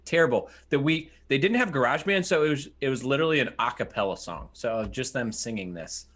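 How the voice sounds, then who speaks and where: A man's voice: mid-range voice, expressive, fast, a bit bright. A man co-hosting a live movie podcast, telling jokey anecdotes and laughing a lot. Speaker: podcast co-host. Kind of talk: casual live podcast banter.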